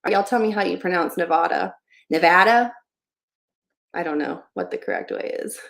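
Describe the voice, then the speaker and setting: A woman's voice: fairly low pitch, fast, gravelly. A young woman hosting a casual livestream Q&A, chatting in a friendly way and often saying "um" and "like". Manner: chatty, friendly, many fillers like "um" and "like". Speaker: livestream host giving online shop advice.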